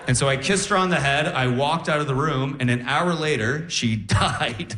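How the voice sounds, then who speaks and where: A man's voice: fairly high pitch, moderate pace, hardly any pauses. A male stand-up comedian telling a story in a chatty, conversational way with asides to the crowd.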